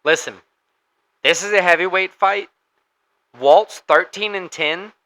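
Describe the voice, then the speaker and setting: A man's voice: high voice, unhurried, bright, forceful tone, rough recording. A man co-hosting a casual sports podcast, talking through fight picks in a loose, conversational way with fillers and restarts. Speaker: podcast co-host.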